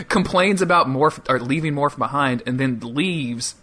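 A man's voice: a little high, slow pace, fairly bright tone, slight background noise. A man in casual chat about a cartoon show, joking wryly and laughing often.

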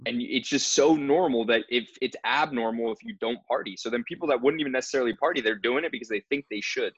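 A man's voice: medium pitch, fast, slightly rough, no room sound, highs cut off. A man in casual conversation who speaks earnestly about finding one's path. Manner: earnest, spiritual talk.

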